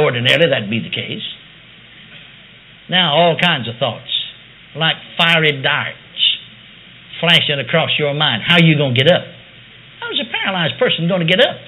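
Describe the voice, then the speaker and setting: A man preaching a sermon testimony, animated, moving between quiet asides and loud declarations. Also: on the high side, a little hiss or hum, poor audio. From United States.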